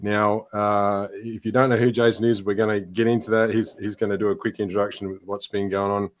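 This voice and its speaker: Male host, lowish voice, easygoing live-stream chat. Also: fairly quick. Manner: relaxed, friendly, with fillers. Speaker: podcast host.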